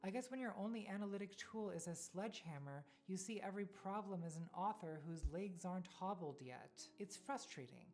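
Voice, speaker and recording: A woman's voice: medium pitch, expressive, brisk, few pauses, a little mellow, faint music behind. Blunt sarcastic woman essayist. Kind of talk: video essay commentary.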